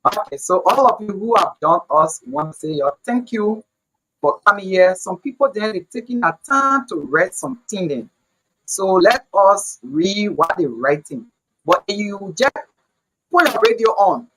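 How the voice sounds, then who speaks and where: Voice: medium pitch, expressive, a little slow, noisy background. A radio host, speaking directly to listeners. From Liberia. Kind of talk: radio talk show hosting.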